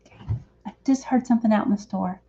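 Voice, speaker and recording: A chatty woman lays out tarot cards on a live stream, talking in a loose, rambling way and correcting herself as she goes. Her voice sits at a middle pitch. The stream audio is dull and lo-fi. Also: quick pace, noisy background. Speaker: psychic reader. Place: back room of a shop.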